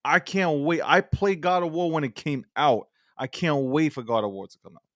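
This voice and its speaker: A man hosting a casual podcast, telling stories in an animated, profane, laughing way. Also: on the high side, moderate pace, no room sound, studio quality. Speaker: host.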